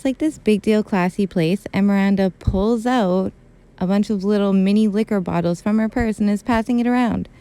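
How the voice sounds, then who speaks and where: Gushing young woman with a mellow voice. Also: medium pitch, smooth. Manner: gushing and emotional, heavy use of "like" and "super". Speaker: YouTuber recapping a TV episode. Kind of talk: casual recap chat.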